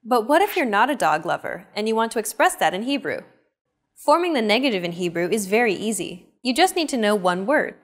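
A woman's voice: fairly high pitch, very animated, a little fast. A woman hosting a scripted language lesson, explaining each step and turning questions to the viewer in an upbeat way. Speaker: lesson host.

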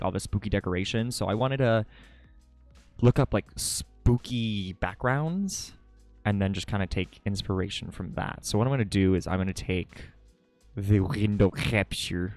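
A man streaming live and chatting casually with his viewers in a playful, dramatic way, from his room at home. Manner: playful, dramatic, swings to high squeaky jokes. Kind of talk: casual livestream chat with viewers.

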